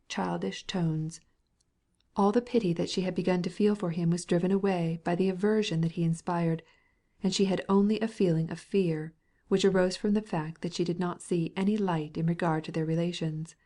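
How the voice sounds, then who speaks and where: A woman narrating an audiobook of a classic novel in a calm, measured reading. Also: on the low side.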